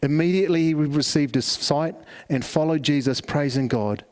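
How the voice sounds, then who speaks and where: Conversational middle-aged preacher, higher voice. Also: male voice, normal speed, a little mellow. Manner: conversational storytelling with many restarts. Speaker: pastor. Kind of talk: family service sermon.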